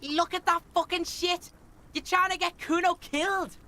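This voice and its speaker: A man's voice: very high voice, fairly even intonation, normal speed, sharp tone, pitched above the performer's own voice, exaggerated voice. A man voicing a hostile, foul-mouthed street kid from a video game who swears constantly and talks about himself in the third person.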